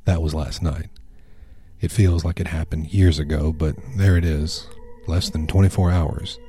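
A man narrating a first-person horror story in a hushed, measured way. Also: rumbling low, steady tone, breathy edge, no echo, soft background music.

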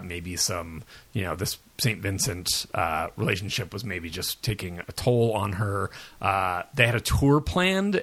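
A man's voice: lowish voice, a bit bright. A man co-hosting a casual pop culture podcast, rambling and self-deprecating with lots of fillers, and jet-lagged. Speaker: podcast co-host.

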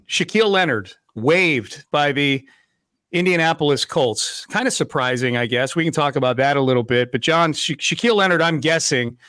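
A man's voice: fairly high pitch, fairly bright tone, dry recording. Chatty male sports radio host. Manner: conversational, many fillers and restarts. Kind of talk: casual sports talk.

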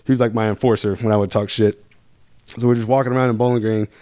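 A man's voice: lowish voice, flat delivery, fast, dark tone, dry recording, clean studio sound. A young man from Louisville, Kentucky, telling rambling, profane stories as a podcast guest. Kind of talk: casual storytelling.

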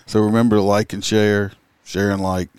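A man hosting a casual podcast, relaxed and laughing along with his guest. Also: lowish voice, moderate pace, smooth, dry recording, studio quality. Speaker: podcast host.

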